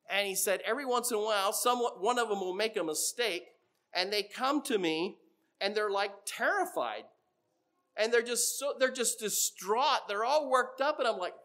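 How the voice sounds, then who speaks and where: A middle-aged man preaching a sermon in a church, telling stories and getting animated when he quotes other people. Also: high voice, normal speed.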